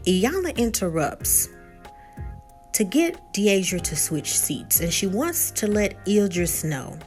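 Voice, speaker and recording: Animated woman recapping a TV episode. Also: slow pace, soft background music. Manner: animated retelling with lively pitch. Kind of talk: casual recap and review.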